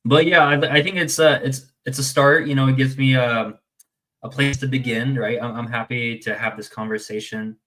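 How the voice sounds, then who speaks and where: A man's voice: medium pitch, fairly even intonation, moderate pace, a bit bright. A man in his twenties talking as a guest in a hesitant, rambling way. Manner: hesitant, rambling, frequent fillers and laughs. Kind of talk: casual chat.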